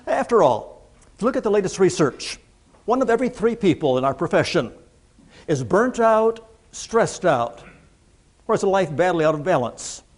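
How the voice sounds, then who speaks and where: A man with a high voice delivers a motivational keynote to a live audience, building his jokes with careful punchline timing. He sounds middle-aged and speaks to a large room full of people. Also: sing-song, normal speed. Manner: humorous storytelling, punchline timing.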